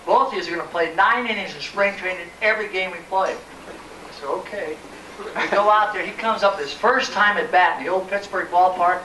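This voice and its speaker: High-voiced elderly man telling a lively tale. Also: fairly quick. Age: older. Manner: animated, acts out voices in his story. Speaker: retired ballplayer telling stories. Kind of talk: anecdote at a live event. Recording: echoey room, distant mic, clear noise.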